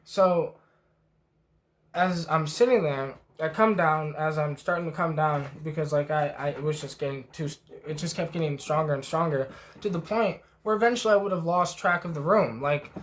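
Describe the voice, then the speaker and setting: A man's voice: fairly high pitch, moderate pace, slight background noise. Rambling, profane man telling a trip story. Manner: rambling, profane, emotionally stirred, lots of fillers. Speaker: trip report vlogger. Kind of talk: rambling first-person storytelling.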